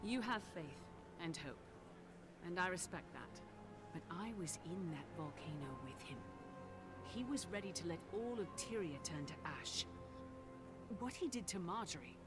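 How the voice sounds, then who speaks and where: Grim weary veteran, blunt, game cutscene, loud music under him. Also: male voice, sits high, lively intonation, normal speed, pauses often. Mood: grave. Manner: grave, blunt.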